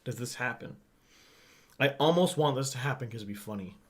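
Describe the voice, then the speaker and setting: A man's voice: medium pitch, animated, fairly quick. A man co-hosting a casual podcast, speculating at length about an election with frequent restarts, recorded on a microphone he shares with his co-host at home. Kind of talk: casual political chat. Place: home setup, not a studio.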